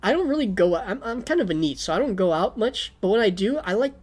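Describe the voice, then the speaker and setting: A woman's voice: mid-range voice, expressive, fast, darkish tone, husky. A young woman streaming casually, rambling with a Valley Girl lilt and constant "like", her throat a little sore. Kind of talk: casual livestream chat.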